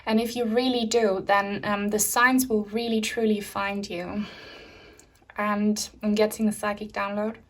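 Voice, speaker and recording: A young woman giving a spiritual tarot reading to camera, talking softly and reassuringly, a little out of breath. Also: mid-range voice, flat delivery. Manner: soft, slow and soothing, with gentle repeated reassurances. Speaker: tarot reader.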